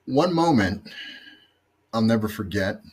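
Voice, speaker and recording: A man's voice: fairly low pitch, expressive, unhurried, a little mellow, slightly rough. A man and former rugby teammate giving a reflective memorial tribute, telling a story and letting his voice drop at the ends of phrases.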